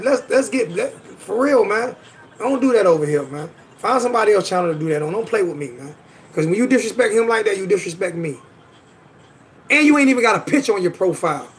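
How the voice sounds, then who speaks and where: Brief: high-pitched adult man, livestream host, emphatic and repetitive, casual slangy delivery. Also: very animated, fairly quick, pauses often, fairly bright tone. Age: adult with children. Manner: emphatic, repeats himself, slangy.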